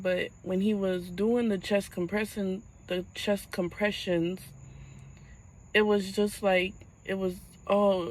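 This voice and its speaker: A young woman speaks straight to her camera in a mid-pitched voice. Her voice catches and halts as she holds back tears, and she often starts a sentence over. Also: a little hiss or hum, poor audio. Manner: halting, fighting back tears. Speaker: vlogger. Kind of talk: personal storytelling vlog.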